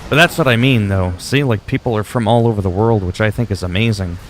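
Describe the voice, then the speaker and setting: A man's voice: on the low side, quick pace, slight background noise. A man from Canada whose first language is French, chatting with viewers in a rambling, easygoing way while he plays games on a livestream. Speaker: game streamer. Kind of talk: casual livestream chat while gaming.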